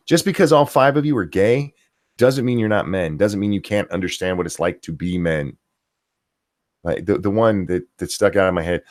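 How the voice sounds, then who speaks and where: This middle-aged man's voice is lowish and expressive, moving at a normal speed as he rants and swears on a casual live stream. He reads viewers' comments aloud, and the sound is clean studio audio with no room sound.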